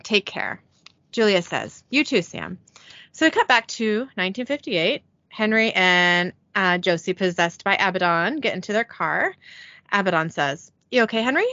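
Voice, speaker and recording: A bright-voiced woman walks through a TV episode scene by scene, reading out the characters' lines with light, playful voicing. Her pitch moves a lot, and she slips easily into casual chat and giggles. The recording is close and dry, with a slightly dull, narrow tone. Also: expressive, unhurried, dry recording. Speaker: podcast co-host recapping a TV episode. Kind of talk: casual recap narration and chat.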